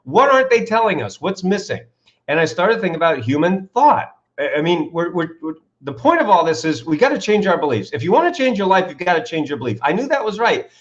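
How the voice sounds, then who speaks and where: An enthusiastic man being interviewed, with a slightly high voice. He tells animated stories and asks rhetorical questions. The audio is dull and lo-fi, like a call recording. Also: fast, hardly any pauses. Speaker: author and coach, interview guest.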